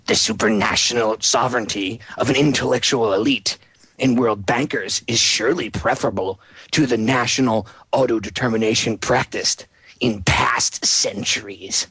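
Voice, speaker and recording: Sly old villain with a subdued, creepy voice, slow and low, read by a man. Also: a bit bright, breathy edge, no room sound, low-quality recording. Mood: sinister. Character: old wrinkled evil elite banker, sly.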